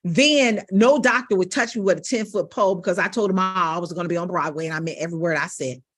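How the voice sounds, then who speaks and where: A woman's voice: fairly low pitch, fast. A middle-aged woman vocal coach, teaching with emotion and repeating phrases for emphasis. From Gary, Indiana, USA.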